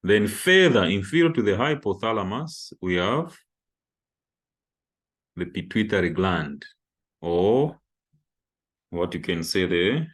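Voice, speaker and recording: A man from Zambia giving an anatomy lecture, explaining step by step while pointing at a diagram and checking in with "okay". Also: low-pitched.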